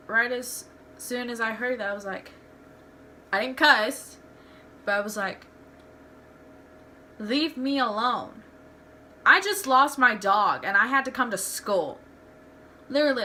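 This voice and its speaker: A woman's voice: fairly high pitch, normal speed, sharp tone. A young woman tells personal stories in a candid, rambling home vlog, restarting her sentences often. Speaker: vlogger. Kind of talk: casual storytelling vlog.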